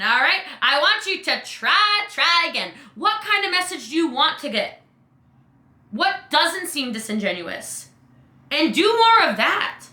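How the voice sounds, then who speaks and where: Woman, live coaching host, high and bright, sassy and chatty, roomy sound. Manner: chatty, playful, sassy, peppered with "like" and "okay?". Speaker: business coach. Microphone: webcam.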